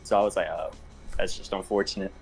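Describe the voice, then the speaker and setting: A man being interviewed about his match, talking in a relaxed, slangy way. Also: deep voice, quick pace, slightly rough, faint music behind. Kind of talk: casual chat.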